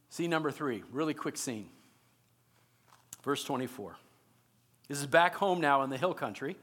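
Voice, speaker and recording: A male pastor preaching in an animated, conversational manner. His voice sits high, and he often turns to his listeners with questions. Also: normal speed, pauses often. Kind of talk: sermon.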